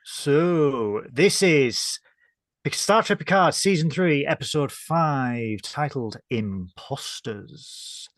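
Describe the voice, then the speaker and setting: A man's voice: a little high, animated, extremely slow, a bit bright, no room sound, clean studio sound. A man with a northern English accent co-hosting a casual review chat, talking in a chatty way with jokey asides. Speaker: podcast co-host.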